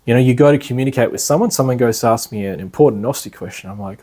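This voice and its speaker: A man's voice: mid-range voice, racing, hardly any pauses, mellow. A man giving a class as an instructor, talking loosely with many fillers and restarts. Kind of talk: lecture.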